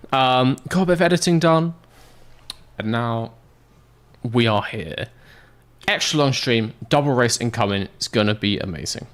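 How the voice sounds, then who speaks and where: A man's voice: mid-range voice, fairly bright tone. A British man streaming a game, chatting casually with viewers, laughing often. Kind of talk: casual livestream chat.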